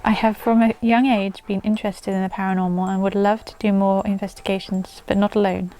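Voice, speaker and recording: A woman's voice: medium pitch, little pitch movement, fairly quick, warm tone. Chatty woman reading spooky stories. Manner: chatty, breaks off to coax her dog in a sing-song voice. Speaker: channel host reading viewer stories. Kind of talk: casual storytelling vlog. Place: at home with her dog.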